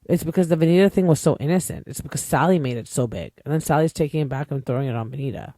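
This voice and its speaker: A man's voice: a little high, very fast, dark tone, no echo, studio quality. A young man from Canada, an opinionated podcast host chatting casually through a reality TV recap with lots of fillers.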